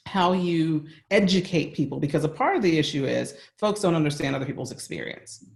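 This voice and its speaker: A man with an American accent speaks as a guest over a video call from his home. His voice sits a little high, and his talk is earnest and conversational, often checking in with the listener. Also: a little fast, creaky. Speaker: guest speaker on workplace bias. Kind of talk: remote interview.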